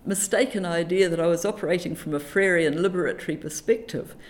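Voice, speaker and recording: A middle-aged woman from New Zealand talks about teaching in a relaxed interview. Her voice sits a little low, and she tells stories in an animated, self-deprecating way, often reaching for a quote or a saying. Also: quick pace. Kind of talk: reflective conversational interview.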